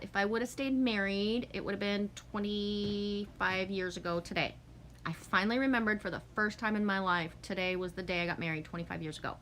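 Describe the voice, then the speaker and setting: A woman in her forties chats casually on a livestream, reading out viewer comments and rambling through animated stories peppered with swearing and acted-out quotes. Her voice is mid-range, with slight background noise.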